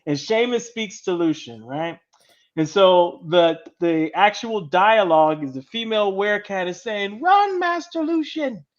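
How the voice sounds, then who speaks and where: A man's voice: sits high, a little slow, highs cut off. A man hosting a casual panel chat about writing comics, explaining step by step and tagging "right?" onto his points. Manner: chatty, explains step by step, keeps adding "right?". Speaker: show host and comic writer.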